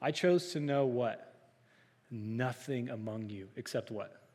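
A man preaching a sermon, self-described as soft-spoken and trying to project, who keeps asking the congregation questions and gives loud, emphatic readings of quoted lines. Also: medium pitch, takes it slowly, long reverb tail. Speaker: pastor. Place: church sanctuary.

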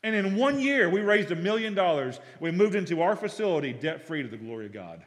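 A middle-aged male pastor preaching a sermon, telling stories and acting out dialogue, swinging between loud and hushed. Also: high-pitched, sing-song, fairly quick. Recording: long reverb of a hall.

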